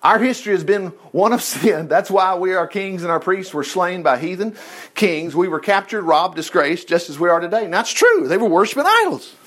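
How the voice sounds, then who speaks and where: A male preacher with a high, very animated voice that swings widely in pitch. He mixes scripture reading with quick, digressive asides and quips in a conversational sermon.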